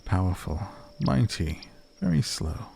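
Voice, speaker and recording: A man reading a game's lines as a solemn, stiff male dwarf who speaks slowly and formally. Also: deep voice, sing-song, gravelly, noisy background, full character voice. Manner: slow, measured, formal.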